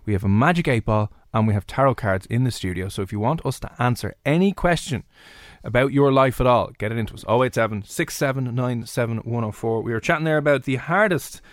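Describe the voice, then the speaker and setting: An Irish man from Offaly hosts a radio show in loose, joking chat. His voice sits at a middle pitch and sounds dry and close on a studio mic. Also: expressive, fast, few pauses, no echo. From Ireland, Offaly. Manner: jokey, rambling, reads out the phone number. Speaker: radio host. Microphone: studio microphone.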